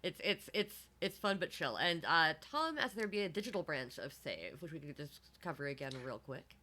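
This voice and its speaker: A woman's voice: low voice, big pitch swings, normal speed, pushed and bright. A woman moderating a panel in a casual, chatty way, often saying "like". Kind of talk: casual chat.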